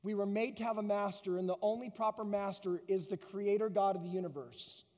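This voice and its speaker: Emphatic high-voiced male preacher, reverberant hall. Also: fairly even intonation, fairly quick. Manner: emphatic, varies pace and loudness for effect. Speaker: pastor. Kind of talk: sermon.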